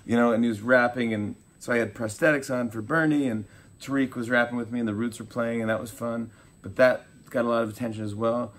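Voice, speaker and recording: A man in his forties, a talk show host being interviewed, telling animated stories and acting out quotes. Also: mid-range voice, brisk. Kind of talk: casual interview chat.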